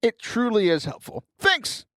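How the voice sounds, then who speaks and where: Brief: animated young male podcast host, higher-pitched, jokey, dry close sound. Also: normal speed, dry recording. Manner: animated, joking, laughs while telling stories. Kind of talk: casual comedic talk show.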